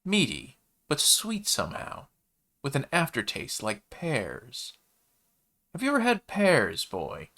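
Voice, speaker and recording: A man's voice: fairly high pitch, wildly swooping pitch, slow pace, bright, forceful tone, pitched above the performer's own voice, exaggerated voice. Man doing an easygoing alien baker. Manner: laid-back, folksy, calls the listener kid. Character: elderly-sounding male alien baker, chatty, easygoing.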